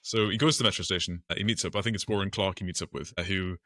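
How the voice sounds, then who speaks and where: A man co-hosting a film podcast, recapping scenes with wry asides. His voice is fairly low but bright and clear-edged. The sound is dry and close. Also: steady tone, rapid-fire, dry recording. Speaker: podcast co-host. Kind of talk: casual film podcast chat.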